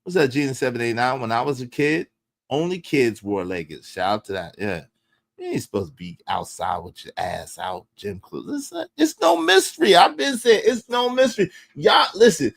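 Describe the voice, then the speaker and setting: A man with a high, somewhat bright voice hosts a livestream and launches into an opinionated rant. His delivery is preachy and emphatic, with lines repeated for effect.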